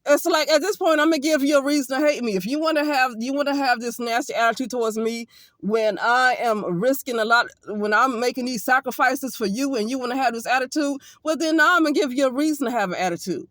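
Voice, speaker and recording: A high-pitched woman talks bluntly and emphatically in a casual vlog monologue. She speaks as an occupational therapist from Alabama, and her speech is peppered with profanity. The recording is dry and close. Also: fast, a bit bright, dry recording.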